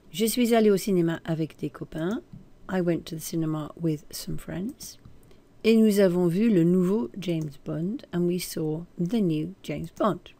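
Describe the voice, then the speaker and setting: A woman's voice: on the low side, warm tone. A woman teaching French, reading short sentences and then translating and commenting on them, with asides where she corrects herself. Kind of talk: recorded language lesson.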